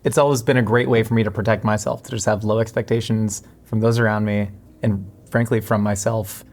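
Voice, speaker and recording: Calm man with a flat, low voice. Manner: calm, measured questioning. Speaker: host. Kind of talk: conversational interview questions.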